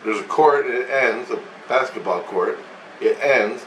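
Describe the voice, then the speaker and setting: A man's voice: medium pitch, unhurried, a bit bright. A man casually recounting a dream, meandering and swearing freely as he goes. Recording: echoey room, distant mic, faint hum.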